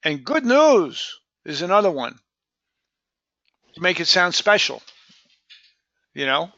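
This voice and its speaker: A high, gravelly man with a bright, forceful edge runs an energetic sales coaching session. He talks in bursts and repeats himself for emphasis. The sound is dry and somewhat dull and lo-fi. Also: unhurried, dry recording. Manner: energetic, repeats words, says "boom". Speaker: sales trainer. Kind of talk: coaching a live training session.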